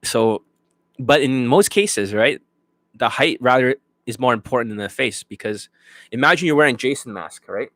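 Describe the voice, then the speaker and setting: A man's voice: medium pitch, normal speed, fairly bright tone, no room sound. A man working as a dating coach, ranting bluntly and profanely to his students. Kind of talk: unscripted monologue to students.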